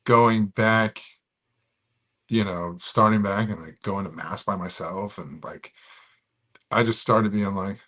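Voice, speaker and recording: A man's voice: on the low side, takes it slowly, long pauses, a bit bright. A man about forty from Florida, a stand-up comedian talking casually as a podcast guest in a rambling, filler-heavy way.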